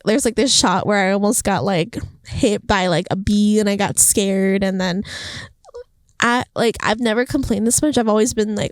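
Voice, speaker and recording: A woman's voice: medium pitch, no room sound. Chatty young woman, dry close sound. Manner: chatty, heavy use of "like", animated quoting. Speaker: faith vlogger. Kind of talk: casual devotional vlog monologue. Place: indoors, Los Angeles home. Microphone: phone or camera mic.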